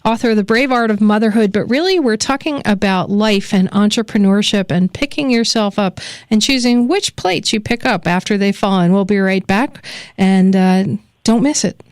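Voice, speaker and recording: A woman hosts a live radio talk show, upbeat and enthusiastic as she welcomes listeners and steers the conversation. Her pitch is middling and her voice is recorded close and dry, with no room echo. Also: normal speed. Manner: upbeat, enthusiastic host patter.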